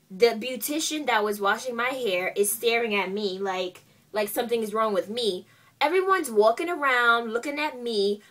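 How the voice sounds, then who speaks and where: A young woman vlogger telling a story in a casual, animated and exasperated way, full of "like"s and acted-out quotes. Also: a little high, recorded from a distance.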